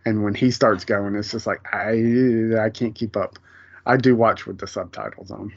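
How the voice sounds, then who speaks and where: A man's voice: fairly low pitch, fairly even intonation, normal speed, gravelly, no echo. A man co-hosting a podcast, chatting casually with fillers and frequent laughs. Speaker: podcast co-host. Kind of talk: casual chat. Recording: dull lo-fi sound, dry.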